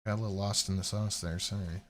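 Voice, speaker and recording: A man's voice: on the low side, steady tone, quick pace. A man co-hosting a reaction livestream, talking loosely with a lot of swearing and distracted banter. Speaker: co-host of a reaction stream. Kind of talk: casual livestream chat.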